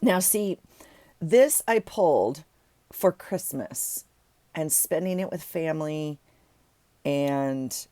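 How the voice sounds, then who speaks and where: A woman's voice: deep voice, lively intonation, slow, dark tone, dry recording. A woman vlogger chatting casually and rambling as she sorts through journaling supplies at her desk. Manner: rambling, chatty, self-correcting. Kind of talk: casual chat while tidying a desk.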